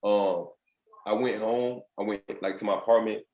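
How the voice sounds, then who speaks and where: Guesting on a podcast, a Virginia man in his late twenties who used to play basketball tells casual stories, candid and profane, often voicing what other people said. He has a lowish, warm voice with a steady tone at normal speed, and the sound is roomy.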